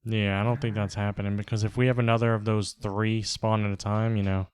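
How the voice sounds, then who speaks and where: A man with a low, smooth voice chats casually over a game with a friend. His remarks are dry and wry, and the sound is close and dry, with no room echo. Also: little pitch movement, fairly quick. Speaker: fellow player. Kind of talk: casual gaming chat.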